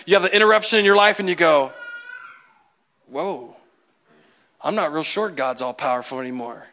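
Man, pastor, sermon, animated, conversational, high voice. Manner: animated, conversational, acts out quotes.

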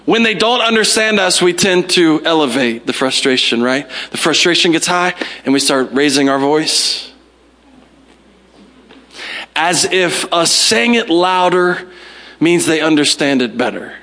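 A man from the United States in his forties, preaching a sermon as a pastor through animated, self-mocking stories, often repeating words as he starts a sentence. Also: on the high side, normal speed. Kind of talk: storytelling sermon.

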